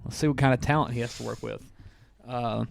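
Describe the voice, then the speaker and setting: A man co-hosting a casual sports podcast, reading through a team roster and musing aloud with many pauses. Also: medium pitch, fairly even intonation, creaky. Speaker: podcast co-host.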